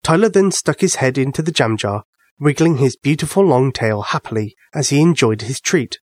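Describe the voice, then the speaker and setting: A man narrating a children's bedtime story with an expressive reading. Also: mid-range voice, normal speed, no room sound, studio quality.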